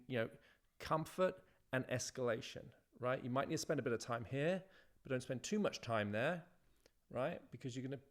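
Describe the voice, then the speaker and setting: A man dating coach talking straight to his viewers in a relaxed, conversational way, often checking in with "right?" and slowing his voice to show how a line should land. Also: mid-range voice. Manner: conversational, repeats "right?", demonstrates lines by slowing his delivery. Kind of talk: instructional talk to camera.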